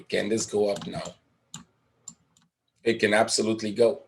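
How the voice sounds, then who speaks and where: A man's voice: on the low side, fairly even intonation, moderate pace, creaky, slight background noise. A man teaching a live trading webinar, thinking aloud over a chart, asking and answering his own questions with frequent "right?" tags. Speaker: trading educator.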